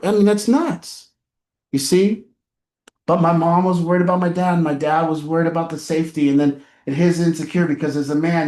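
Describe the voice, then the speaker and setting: In an echoey room, an addiction recovery group coach with a somewhat high, darkish voice talks bluntly and frankly. He swears, shares stories, and plays out people's quotes as he coaches the support group.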